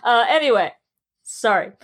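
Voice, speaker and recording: A woman's voice: on the high side, animated, normal speed, a bit bright. A woman co-hosting a podcast, chatting casually with frequent fillers. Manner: chatty, giggly, filler-heavy. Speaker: podcast co-host. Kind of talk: casual chat.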